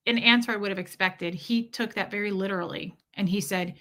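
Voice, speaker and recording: A woman frankly telling a painful personal story, uneasy and halting at times, with some swearing. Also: medium pitch, fairly even intonation, fairly bright tone. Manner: uneasy, halting and self-correcting.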